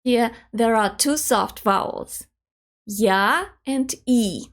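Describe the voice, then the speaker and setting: Slow, careful woman language teacher. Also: fairly high pitch. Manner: slow, careful demonstration of pronunciation. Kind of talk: online language lesson.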